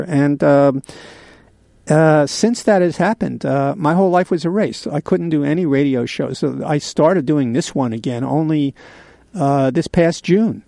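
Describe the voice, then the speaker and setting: A man in his sixties hosting a radio show, telling a candid personal story in a halting way with many pauses and fillers. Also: on the high side, creaky, mellow, no room sound. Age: 60s. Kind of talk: confessional radio monologue.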